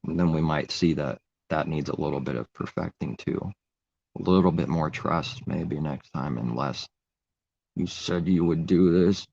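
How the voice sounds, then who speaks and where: A man's voice: a bass voice, moderate pace, gravelly, a little mellow, breathy edge, no room sound, lo-fi sound. A man giving an informal, rambling sermon in a conversational way. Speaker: preacher. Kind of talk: informal live-stream sermon.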